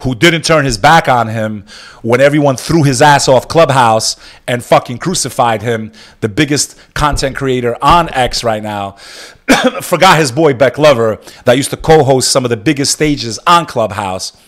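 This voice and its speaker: A man hosting a live stream monologue, switching between fiery, profane exhortation and somber, quiet reflection on loss. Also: mid-range voice, normal speed. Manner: subdued and somber when speaking of loss.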